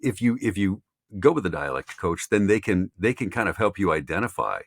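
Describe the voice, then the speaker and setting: A man's voice: low-pitched, sing-song, a little fast, no room sound, clean studio sound. A man mentoring voice actors in a casual, rambling chat. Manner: rambling, lots of fillers and restarts.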